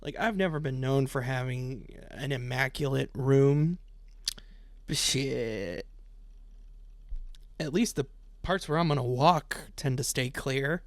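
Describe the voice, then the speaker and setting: A man's voice: medium pitch, moderate pace, no echo. A man streaming a visual novel, reading its text aloud and breaking off into sarcastic, profane commentary with frequent laughs. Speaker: let's play streamer.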